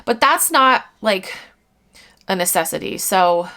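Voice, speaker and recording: Woman, 30s, casual vlog chat, blunt, candid, casual swearing, mid pitch, indoors at home. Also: expressive, takes it slowly, sharp tone. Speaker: online reseller answering viewer comments.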